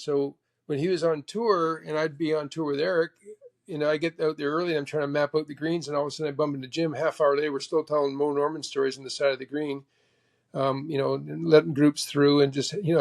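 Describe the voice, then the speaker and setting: A man from Canada, a former tour golfer, telling stories as a guest in a lively, casual way, acting out quotes with sudden exclamations. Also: fairly high pitch. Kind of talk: casual storytelling.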